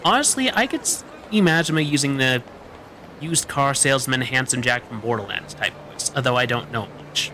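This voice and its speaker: A man's voice: medium pitch, animated, moderate pace, sharp tone, slight background noise. A man streaming a video game, chatting casually and joking as he plays. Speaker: VTuber streamer. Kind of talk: casual gameplay commentary.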